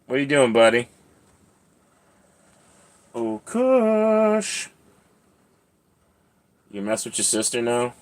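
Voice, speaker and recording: A man hosting a casual vlog, relaxed, laughing often and talking to his cats. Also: mid-range voice, fast, hardly any pauses. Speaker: channel host.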